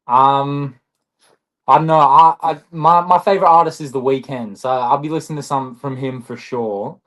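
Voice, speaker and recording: This is a young man, a basketball player guesting on a podcast. He tells his stories in a chatty, rambling way, with restarts and lots of "like". His voice sits in a medium pitch range. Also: moderate pace, poor audio. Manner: chatty, rambling, animated storyteller. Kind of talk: casual podcast storytelling.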